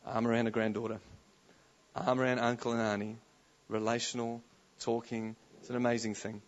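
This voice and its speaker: A male preacher delivering a sermon, his delivery swinging between hushed storytelling and sudden loud declarations. His voice sits at a medium pitch, and the live recording sounds a little dull and muffled. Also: normal speed. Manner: animated, swings from soft to loud exclamations. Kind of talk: conference sermon.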